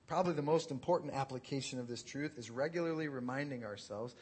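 A pastor preaching an earnest, conversational sermon, swinging from quiet reflection to loud, pleading intensity. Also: male voice, medium pitch, quick pace, husky.

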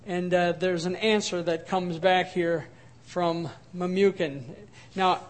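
A high-voiced man preaches a sermon. He sounds animated and gets loud and forceful on his points of emphasis. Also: takes it slowly, slight background noise. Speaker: pastor.

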